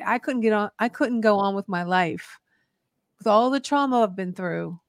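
A woman's voice: mid-range voice, moderate pace, dry recording, clean studio sound. Earnest rambling woman radio host. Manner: earnest, rambling storytelling with many restarts. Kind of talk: casual radio interview, personal testimony.

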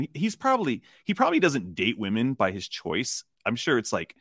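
A man co-hosting a casual film discussion podcast, rambling and animated, acting out lines from scenes. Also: mid-range voice, a little fast, hardly any pauses, no echo, clean studio sound. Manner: rambling, animated, acts out character lines in funny voices. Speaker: podcast co-host.

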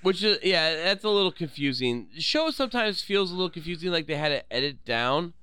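A man in his thirties co-hosting a podcast, retelling scenes with lively acted-out quotes. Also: a little high, a little fast, smooth, no room sound. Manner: animated storytelling, acts out quotes. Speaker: podcast co-host. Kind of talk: casual chat.

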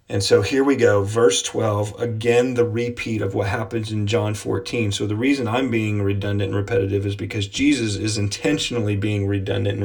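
A man gives a devotional Bible lesson in a low, somewhat husky voice. His delivery stays fairly flat, earnest and repetitive, and he slows down deliberately when he quotes scripture. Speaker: Bible teacher.

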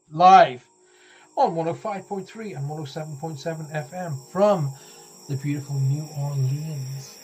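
A man's voice: fairly high pitch, a little mellow, slight background noise, rough recording. A British man hosting a live late-night radio talk show, chatting in a rambling, self-deprecating way with lots of fillers. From United Kingdom.

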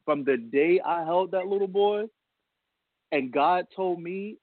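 A man's voice: sits high, slow, dry recording. Male guest, heartfelt storyteller, laughs through it, dry tinny phone line. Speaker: guest, a father. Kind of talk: casual radio interview.

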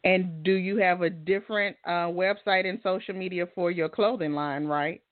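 A woman's voice: fairly low pitch, fairly even intonation, moderate pace, no room sound. Woman host, dry phone-like sound. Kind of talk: casual interview hosting.

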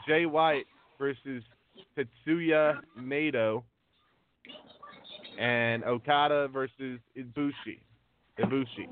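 A man's voice: mid-range voice, steady tone, takes it slowly, long pauses, a little hiss or hum. A man hosting a wrestling news podcast in casual chat. He reads long lists of names unhurriedly, with many ums. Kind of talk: casual talk show chat. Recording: tinny phone-line audio.

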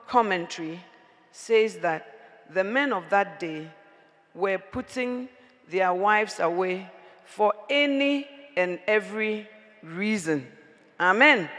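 A woman preacher, giving an animated, humorous sermon and often raising her voice to a shout. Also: medium pitch. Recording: long reverb of a large hall.

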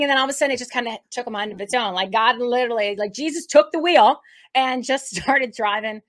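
Rambling, excitable woman co-host. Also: fairly high pitch, fast talker. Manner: rambling and excitable, many restarts and laughs. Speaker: co-host of a faith talk show. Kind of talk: casual spoken introduction.

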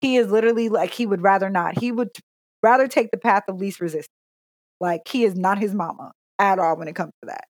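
Woman, podcast co-host, casual chat, animated, profane, dry recording. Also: medium pitch, fast talker, dry recording. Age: adult parent.

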